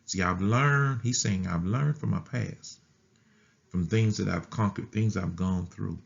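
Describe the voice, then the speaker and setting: A man pastor teaching a Bible study in a deliberate way, often repeating phrases and restarting words. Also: fairly low pitch, vocal fry, highs cut off.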